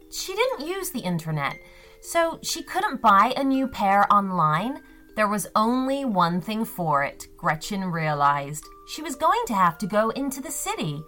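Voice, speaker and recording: A woman narrating a children's story in an expressive, sing-song storytelling way. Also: medium pitch, unhurried, faint music behind.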